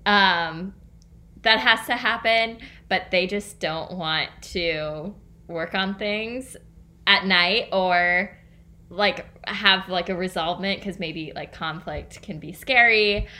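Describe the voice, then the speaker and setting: A woman co-hosts a casual conversation, speaking thoughtfully and hesitantly. She talks slowly, with a bright, clear tone. She often pauses to gather her words. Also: on the low side.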